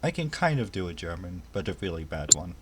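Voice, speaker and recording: A man playing a tabletop game online, chatting casually and rambling with quick jokes. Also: low-pitched, big pitch swings, slight background noise. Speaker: tabletop player. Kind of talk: casual in-character game chat.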